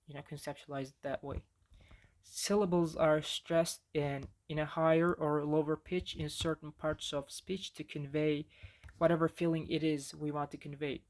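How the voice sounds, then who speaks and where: A man with a Turkish accent, a native Turkish speaker, giving a casual recorded lesson with frequent fillers and restarts. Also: on the high side. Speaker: language teacher. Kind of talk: recorded lecture on pronunciation.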